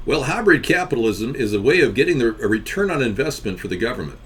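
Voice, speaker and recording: A man's voice: medium pitch, very animated, fast talker, few pauses, a bit bright, slightly rough. A man hosting a casual live stream, rambling and joking as he reacts to viewers' chat comments.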